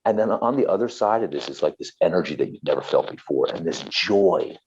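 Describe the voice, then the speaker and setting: A man's voice: deep voice, lively intonation, brisk, darkish tone, muffled recording, a little hiss or hum. A man, a therapist and author, talking earnestly and passionately as an interview guest, often repeating himself.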